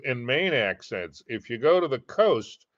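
An older American man, a guest in a casual chat, talking in an unhurried, halting way with many restarts. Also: mid-range voice, sing-song, a bit bright, dry recording, dull audio.

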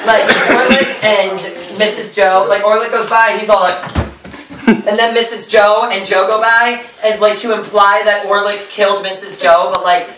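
A man's voice: high voice, a little slow, roomy sound, noisy background. A young man comically retelling a play at a cast party, giggling and acting out every part, recorded on a phone from a distance. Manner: giggly, acts out all the parts. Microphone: phone camera at a distance.

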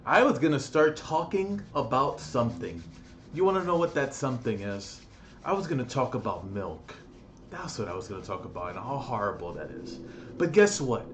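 A young man ranting angrily on his vlog, profane and agitated, with sudden loud outbursts. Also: medium pitch, big pitch swings, moderate pace. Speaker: vlogger.

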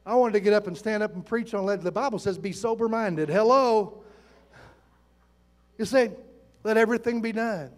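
High-voiced preacher in a reverberant hall. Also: male voice, moderate pace, long pauses. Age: 60s. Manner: animated storytelling, acts out quotes. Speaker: pastor. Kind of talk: sermon. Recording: long reverb in a large hall.

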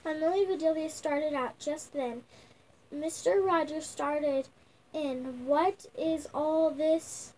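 At home, a young girl with a high, warm voice reads a picture book aloud slowly. She halts, sounds out words, and restarts as she goes, and the recording quality is low.

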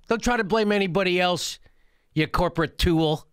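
A man's voice: sits high, moderate pace, clear, resonant tone, dry recording, studio quality. A middle-aged man hosting a political commentary show, ranting in an indignant, mocking and profane way. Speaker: host.

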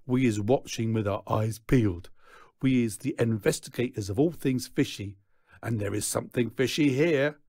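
A man's voice: mid-range voice, normal speed, darkish tone, no echo, studio quality, lightly acted. A man voicing a blustering, pompous male investigator who talks in broken grammar, in a storybook reading. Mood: indignant. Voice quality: ungrammatical, blustering.

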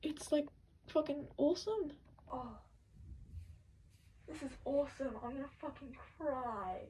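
Gushing excited teen girl unboxing. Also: high-pitched, a little slow, slight background noise, poor audio. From Australia. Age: teens. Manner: gushing, breathless, swears a lot. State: shaky with excitement. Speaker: vlogger unboxing a mask.

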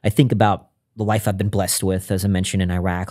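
Guy with a lowish voice on a podcast, earnest and reflective, keeps restarting mid-sentence. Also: flat delivery, a little fast, darkish tone. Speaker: podcast guest, author. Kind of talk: reflective interview storytelling.

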